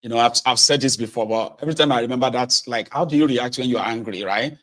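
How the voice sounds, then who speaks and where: A man's voice: medium pitch, quick pace, a bit bright. A man hosting a casual political commentary show, speaking sardonically and emphatically.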